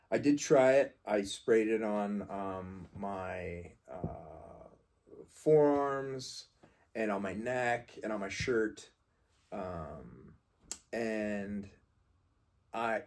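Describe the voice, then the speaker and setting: Male fragrance reviewer, low husky voice, casual and corrective delivery. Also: darkish tone. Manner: rambling, corrective, emphatic about pronunciation. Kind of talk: casual explanatory talk.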